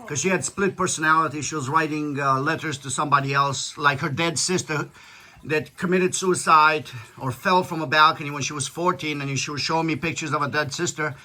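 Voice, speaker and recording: A man with a high-pitched, bright, forceful voice holds forth in casual chat. He lectures his daughter bluntly, peppering his stories with profanity. He sounds sure of every point he makes. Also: fairly even intonation, fairly quick. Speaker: father talking with his daughter.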